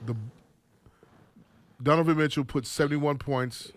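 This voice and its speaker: A man keeps teasing his friends in a casual sports chat, relaxed and unhurried. His voice is a touch higher than average. The sound is dry and close. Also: no room sound. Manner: teasing, repetitive, laid-back. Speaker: podcast co-host.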